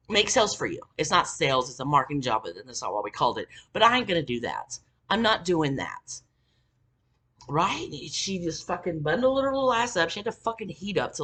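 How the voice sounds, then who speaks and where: A woman's voice: fairly low pitch, a bit bright, breathy edge. A woman telling an angry storytime rant about an old job, swearing heavily and venting. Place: Tennessee.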